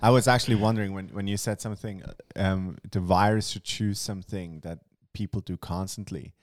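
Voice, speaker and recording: Man, lowish voice, wry storytelling, casual podcast banter. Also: steady tone, fairly quick. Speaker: podcast co-host.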